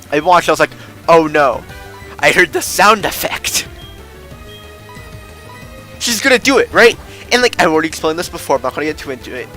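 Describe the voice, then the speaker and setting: Brief: young male streamer, bright tone, meandering self-deprecating chatter that turns ranty, light game music under. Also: a little high, rough recording. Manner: rambling, self-deprecating, gets worked up and loud when ranting. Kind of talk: casual gameplay stream chatter.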